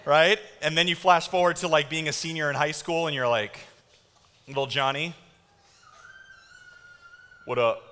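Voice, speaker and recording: A man in his thirties preaching a sermon to a congregation, telling stories with lively energy and shouted impressions. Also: a little high, a little fast, hardly any pauses, smooth. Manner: animated storytelling with shouted kid impressions. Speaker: pastor. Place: church auditorium. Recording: long reverb of a large hall.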